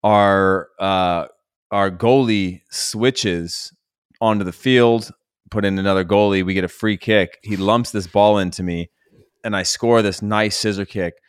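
A man's voice: lowish voice, smooth, dry recording, clean studio sound. A man telling rambling, nostalgic stories in a casual podcast chat. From California.

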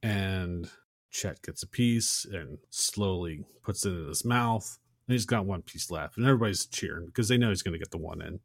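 A low-pitched man casually walks through a film scene as a podcast co-host, slipping into the characters' lines as he goes. His voice sounds dry and close, with no room echo. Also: moderate pace. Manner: retells scenes and acts out quotes. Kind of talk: casual movie recap.

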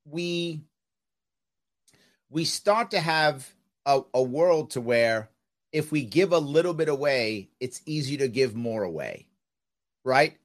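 Animated, opinionated male podcast host. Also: medium pitch, takes it slowly, pauses often. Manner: animated, opinionated, repeats "right?". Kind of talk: casual conversational interview.

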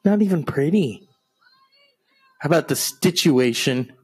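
A fairly high-voiced man riffs sarcastically over a broadcast he is watching at home. He heckles in a crude, mocking way and breaks into theatrical gasps. His delivery is loose and podcast-casual. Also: lively intonation, measured pace, slightly rough. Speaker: podcast host. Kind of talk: mocking running commentary on a TV broadcast.

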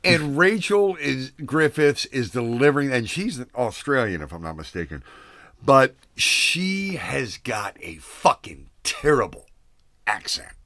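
Animated male co-host, dry sound, wildly varied intonation. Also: mid-range voice, measured pace, no echo. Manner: animated, swears a lot. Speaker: podcast co-host. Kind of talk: casual film podcast chat.

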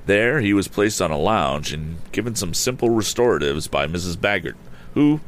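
Deep-voiced man reading a story aloud. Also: expressive, normal speed, slight background noise. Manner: wry, joking commentary. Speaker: audiobook reader. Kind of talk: storybook narration with casual asides.

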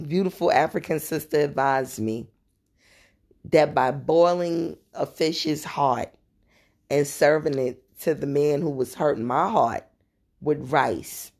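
Low-voiced chatty New woman. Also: slow. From New York. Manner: chatty, animated, laughing asides. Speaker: podcast host. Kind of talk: casual storytelling.

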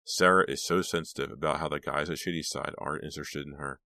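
Low-voiced man narrating an audiobook. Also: steady tone, fast talker, vocal fry, pushed and bright, no room sound, studio quality. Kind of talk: scripted narration.

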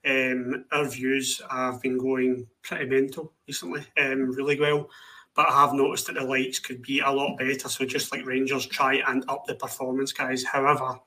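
A man's voice: mid-range voice, flat delivery, moderate pace, pushed and bright, rough recording. Teasing man hosting a podcast. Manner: joking, teasing banter. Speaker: podcast host. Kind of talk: casual podcast chat.

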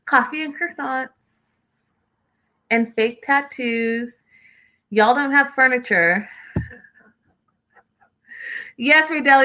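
A woman's voice: fairly high pitch, pushed and bright. A woman hosting a casual live recap of a reality show, chatty and opinionated, with exasperated asides to her viewers. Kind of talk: casual live-stream commentary.

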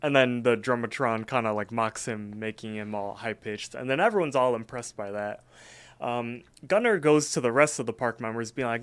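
A man's voice: mid-range voice, normal speed, fairly bright tone, clear, resonant tone. A man co-hosting a podcast, casually recapping an episode in a rambling way with lots of "like" and "um". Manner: rambling, filler-heavy retelling. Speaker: podcast co-host.

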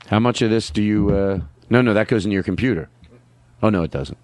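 Slightly low-voiced man in loose banter. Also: brisk. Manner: teasing, fooling with mic checks. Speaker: podcast guest. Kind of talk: casual podcast banter.

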